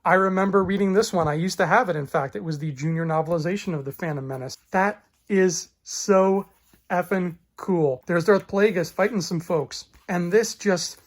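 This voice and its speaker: A man's voice: sits high, brisk, few pauses. A young man, a podcast host, enthusiastically reviewing a book in a casual chat and showing its pages as he talks.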